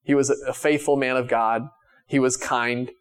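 A man preaching a sermon to his church in a conversational way, with many restarts, swinging from raised emphatic lines to quiet, soft ones. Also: medium pitch, fairly even intonation, moderate pace, clean tone. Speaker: pastor.

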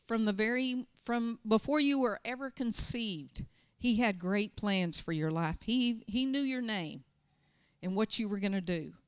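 Recorded cleanly in a studio without echo, a middle-aged woman pastor preaches in a clear, resonant mid-range voice. Her sermon weaves in personal stories, delivered with urgent, emphatic outbursts.

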